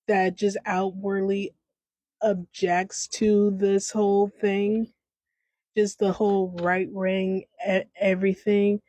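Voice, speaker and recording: Speaking into a home mic, a podcast host in her thirties offers unscripted casual commentary that wanders in a stream-of-consciousness way, often restarting. Her voice is mid-range with a darkish tone. The recording is dry and low-quality.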